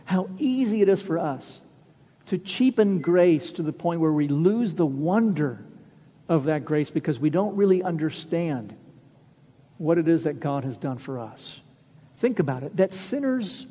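In a church sanctuary, a pastor preaches a sermon through stories, earnest and weighty, slowing down to stress key words. His voice is mellow, dark and husky, though a bit higher than most men's. The recording sounds dull and lo-fi, with a long church reverb trailing each phrase.

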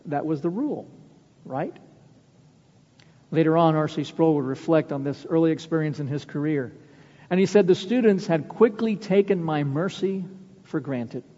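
A man preaching a sermon, telling stories with earnest weight and slowing down to stress key words. His voice is mellow and dark, though a little higher than most men's. The recording sounds dull and lo-fi, with a long church reverb trailing each phrase. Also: expressive. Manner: earnest storytelling preacher, slows for emphasis. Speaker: pastor. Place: church sanctuary.

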